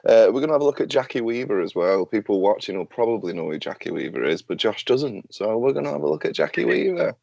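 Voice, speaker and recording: A man's voice: medium pitch, sing-song, fast talker, gravelly, hardly any pauses, darkish tone, no room sound, dull audio. A man hosting a casual podcast chat, loose, sweary and joking. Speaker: podcast host.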